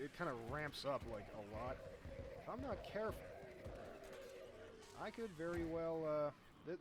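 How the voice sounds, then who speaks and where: Man, middle pitch, casual gameplay commentary, excitable, clear game noise behind. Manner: chatty, excitable, yells at his pet mid-fight. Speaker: gaming YouTuber.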